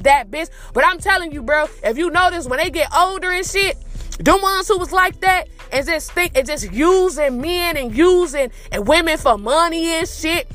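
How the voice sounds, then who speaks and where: A woman's voice: sits high, fairly bright tone. A woman hosting a podcast in a casual monologue, blunt, profane and preachy. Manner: blunt, profane, preachy, calls listener "my baby". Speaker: podcast host.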